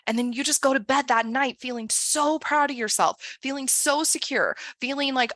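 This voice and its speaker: A woman career coach leading a guided visualization, upbeat, often acting out excited inner thoughts. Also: high-pitched, moderate pace, hardly any pauses, dry recording.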